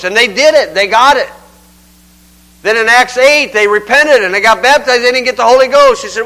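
A man's voice: very high-pitched, normal speed, sharp tone, poor audio. An older man preaching a sermon in a folksy, conversational and emphatic way.

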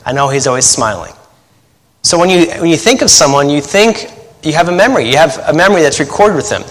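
A man, a pastor and missionary, preaching a sermon in a chatty way, laughing at his own stories and habitually talking fast while trying to slow down. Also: a little high, lively intonation, a bit bright, in a large hall. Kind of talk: sermon with joking asides.

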